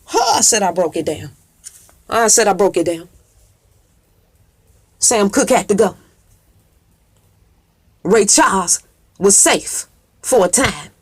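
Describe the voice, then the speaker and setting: A woman's voice: medium pitch, big pitch swings, slow, long pauses, husky. A woman telling a story in an emphatic, preacher-like cadence, full of cursing and call-and-response. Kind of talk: profane preacher-style storytelling.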